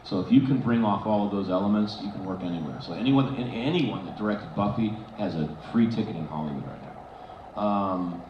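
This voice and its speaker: A man chatting on a convention stage, laughing and restarting his sentences as he tells stories. his mid-pitched voice is picked up by a handheld mic and sounds dull and lo-fi. the hall is roomy and the noisy crowd is clearly heard behind him. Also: a little fast. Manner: animated, laughing storyteller with many restarts. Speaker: convention panel guest. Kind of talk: casual stage Q&A storytelling. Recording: echoey hall, dull, noisy fan recording.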